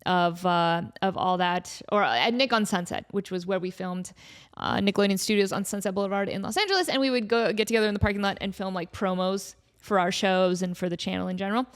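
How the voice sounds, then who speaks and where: A woman's voice: mid-range voice, a little fast. A woman in her thirties hosting her own podcast, chatting casually and bubbly, full of "like" fillers and playful asides. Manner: playful, jumps into excited voices when telling stories. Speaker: podcast host. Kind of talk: casual solo podcast chat.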